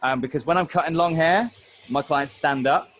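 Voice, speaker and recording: Brief: male hair educator, matey and chatty, fairly high-pitched, talks while he cuts. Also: moderate pace, a bit bright, a little hiss or hum, rough recording. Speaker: hairdressing educator. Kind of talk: live online hair cutting demo.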